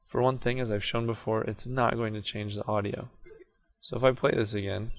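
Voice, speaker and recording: A man with a fairly low voice talks a little fast as he casually clicks through a video editing tutorial on a screen recording. He's relaxed and now and then corrects himself, narrating each click as he goes.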